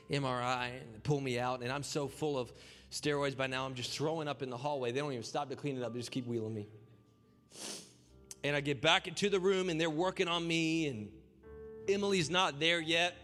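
A young man, a pastor, telling his own story in an animated sermon that rises into a preaching cry. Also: medium pitch, fairly quick, long reverb tail, faint music behind. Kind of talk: sermon testimony.

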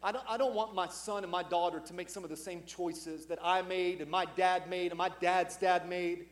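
A pastor delivering a sermon in a church sanctuary, his voice sitting high for a man. He is middle-aged and preaches emphatically, climbing louder on each key point. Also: steady tone, normal speed.

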